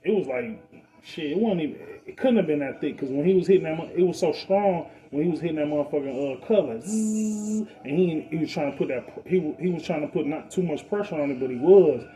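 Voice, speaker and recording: Man, mellow voice, fairly high for a man, casual profane storytelling. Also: brisk, low-quality recording. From Detroit. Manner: animated, acts out other people's voices in a higher pitch; profane street slang. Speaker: podcast storyteller.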